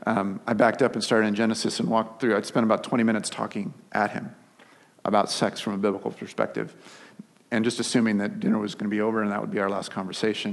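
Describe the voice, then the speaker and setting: A man's voice: on the low side, vocal fry, in a large hall. A man preaching a sermon as pastor, telling stories conversationally with restarts and filler words.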